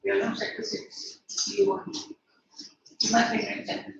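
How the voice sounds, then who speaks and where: A man's voice: very high-pitched, very animated, unhurried, creaky. An older man, a tutor chatting casually with students before an online class begins, telling everyday stories. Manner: chatty, anecdotal. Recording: far from the mic, echoey, dull, noisy.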